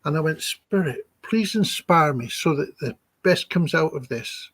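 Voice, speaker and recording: A man's voice: a little high, animated, unhurried, fairly bright tone, husky, no room sound. A man, a psychic healer guest in an interview, telling chatty anecdotes and acting out the dialogue he quotes. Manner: chatty, acts out quoted dialogue, chuckles between stories.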